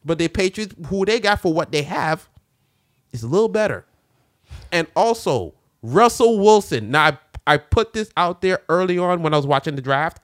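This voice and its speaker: A man co-hosting a casual sports chat, loud and animated, joking around and swearing freely. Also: sits high, normal speed, dry recording, studio quality. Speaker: sports podcast co-host.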